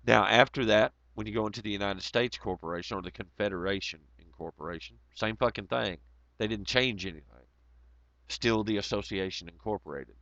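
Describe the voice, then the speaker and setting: A man's voice: on the low side, fairly bright tone, dry recording. A man hosting a casual livestream, reading chat comments aloud and rambling in a profane, sarcastic way. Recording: dull lo-fi audio.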